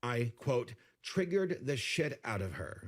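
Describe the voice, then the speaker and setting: Man, scripted narration, measured and deliberate, middle pitch. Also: big pitch swings.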